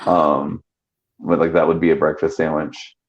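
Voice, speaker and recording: A man's voice: rumbling low, flat delivery, normal speed, muffled recording. A man with a South Georgia Southern accent, chatting animatedly on a live stream, laughing and swearing as he tells stories. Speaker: panel host. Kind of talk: casual live-stream chat.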